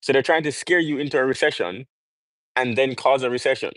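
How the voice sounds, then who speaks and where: A young Jamaican man hosts a casual livestream monologue, preaching emphatically and firing off rhetorical questions. His medium-pitched voice is a bit bright and fairly quick. The recording is low quality, with no echo.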